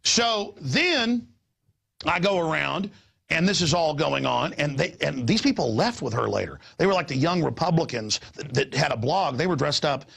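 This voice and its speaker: Husky raspy guy hosting, rambling and stammering, acts out what people said. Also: fairly high pitch, moderate pace. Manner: animated, stammering repeats, acts out quotes. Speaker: host. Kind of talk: rambling on-air chat. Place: studio in Austin.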